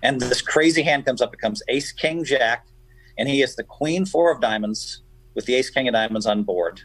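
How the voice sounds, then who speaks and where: A man guesting on a radio show, telling stories in an animated, emphatic way. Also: mid-range voice, moderate pace, husky, poor audio. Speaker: guest poker player. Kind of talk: casual radio chat, storytelling.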